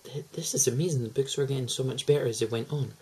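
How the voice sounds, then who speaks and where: A man's voice: mid-range voice, fairly even intonation, fast, darkish tone, slightly rough, rough recording. A teenage boy, chatting to camera in a hyper, gushing, rambling way. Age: teens. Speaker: vlogger. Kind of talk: casual chat to camera.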